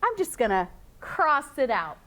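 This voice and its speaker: Woman teacher, high voice, slow and encouraging delivery, phonics to small kids in a classroom. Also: sing-song, bright, forceful tone. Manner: slow, sing-song, encouraging, repeats sounds and rules. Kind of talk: phonics lesson to young students.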